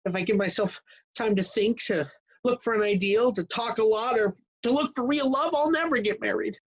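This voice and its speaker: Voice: medium pitch, moderate pace, close to an everyday voice, low-quality recording. An actor playing a stammering nervous suitor. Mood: flustered. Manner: stammering, flustered, hesitant. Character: nervous, hypochondriac 35-year-old male suitor. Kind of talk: stage acting.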